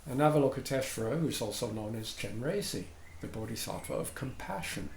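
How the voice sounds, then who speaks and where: Male dharma teacher, mid pitch, relaxed digressive lecture manner, roomy recording with faint noise. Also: a little fast, gravelly. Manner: chatty, digressive, often asks "right?". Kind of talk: informal dharma talk.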